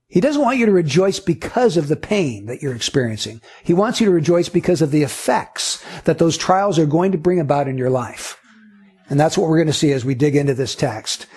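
A man's voice: fairly high pitch, a little mellow, breathy edge. A man preaching a sermon, reading scripture aloud and teaching earnestly through rhetorical questions.

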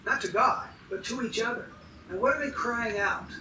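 High, bright-voiced preacher in an echoey hall. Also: male voice, normal speed, distant mic, slight background noise. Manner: emphatic, asks the congregation questions. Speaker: pastor. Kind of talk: sermon.

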